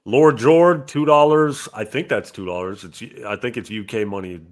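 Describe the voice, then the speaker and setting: A man hosting a casual gaming podcast and reading out viewer donations, with animated talk that jumps from loud bursts to low mutters. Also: moderate pace. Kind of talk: casual chat.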